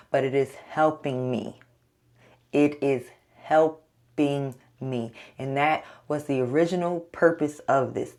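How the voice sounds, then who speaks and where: A photographer talking to her audience in a casual solo vlog, blunt and self-coaching, swearing freely as she pushes herself on. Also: deep voice. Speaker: photographer and podcaster.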